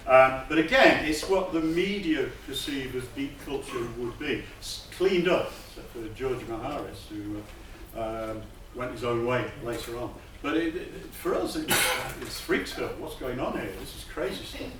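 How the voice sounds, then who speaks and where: A man giving a keynote lecture in a lively, playful way, sprinkling in hip slang. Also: mid-range voice, slight background noise. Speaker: keynote speaker. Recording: distant voice in an echoey hall.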